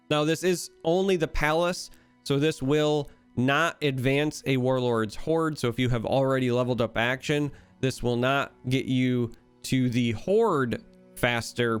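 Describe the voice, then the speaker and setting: A card game content creator with a Midwestern American accent talks through the game alone, casual yet eager and analytical. His mid-range voice is clear and resonant.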